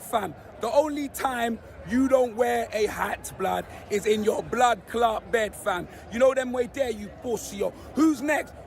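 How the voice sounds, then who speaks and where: A man with a hoarse, nearly lost voice, loudly roasting rival football fans in street slang. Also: extremely high pitch, slight background noise. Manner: loud, shouty, slang-heavy roasting. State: hoarse, voice almost gone.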